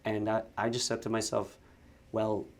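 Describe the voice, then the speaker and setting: Man with a fairly low voice, chatty storyteller. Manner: lively storyteller, quick bursts, frequent restarts. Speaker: actor and content creator, guest. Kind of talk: casual interview chat.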